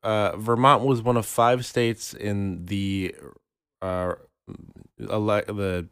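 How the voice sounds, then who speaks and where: A man with a fairly low voice co-hosts a casual podcast about art history. He explains things haltingly and restarts often. The sound is dry and close to the mic. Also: level tone, a bit bright, smooth, no room sound. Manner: halting, many fillers and restarts. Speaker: podcast co-host.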